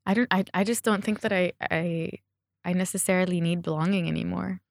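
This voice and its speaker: A woman's voice: on the low side, fairly even intonation, brisk, vocal fry, no echo, clean studio sound. A woman fashion designer chatting in an interview, laughing often and acting out what people said to her. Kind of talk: casual interview chat. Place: Dubai.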